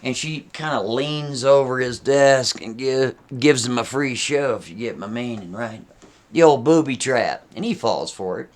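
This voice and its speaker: A man's voice: medium pitch, animated, a little slow. A man telling a story casually, talking straight to his listeners with frequent asides. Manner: conversational, addressing listeners with asides.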